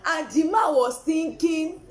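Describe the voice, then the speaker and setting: A woman's voice: sits high, unhurried. A woman co-hosting a casual chat, chiming in briefly and echoing her co-host's words. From Nigeria. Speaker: podcast co-host.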